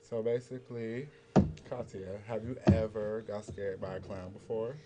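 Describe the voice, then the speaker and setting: Young guy host, kinda low voice, lots of "basically", noisy recording. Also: flat delivery, moderate pace. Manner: laid-back, lots of fillers like "basically". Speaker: youth show host. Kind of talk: casual talk-show chat.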